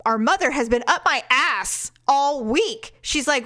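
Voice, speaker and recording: Woman podcast co-host, lively chatty storyteller with a higher voice. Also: moderate pace, few pauses. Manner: chatty, animated storyteller, laughs often. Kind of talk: casual chat.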